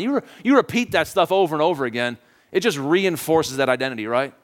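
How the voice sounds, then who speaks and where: A man preaching a sermon and retelling a story in a conversational, animated way, often asking the listeners questions. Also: fairly high pitch, quick pace.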